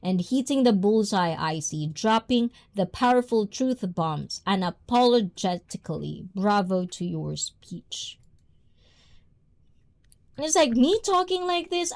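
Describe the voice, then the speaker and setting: The livestream host, a woman whose first language isn't English, reads her chat's comments aloud and speaks bluntly. Her voice sits on the high side, lively and unhurried.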